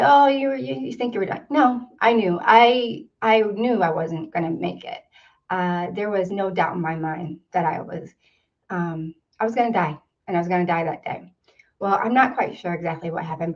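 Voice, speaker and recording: A woman's voice: fairly low pitch, darkish tone. A woman speaking at a seminar, telling a personal story in an earnest way and repeating words for emphasis. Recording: distant, dull lo-fi sound.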